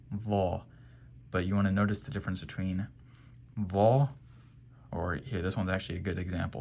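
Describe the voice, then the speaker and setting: A man teaching Quran reading step by step, patiently repeating letter sounds and checking in with "okay?". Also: sits low. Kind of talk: step-by-step pronunciation lesson.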